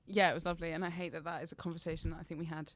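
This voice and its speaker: A woman co-hosting a podcast, chatty, her sentences trailing off softly. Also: low-pitched, flat delivery, racing, no echo. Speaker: podcast co-host. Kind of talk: casual banter.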